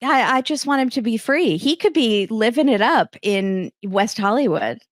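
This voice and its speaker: A woman hosting a casual chat podcast, retelling scenes and acting out the quotes with lively, higher voices. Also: normal speed, no room sound, studio quality. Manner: animated, acts out quotes in bright higher voices. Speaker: podcast host.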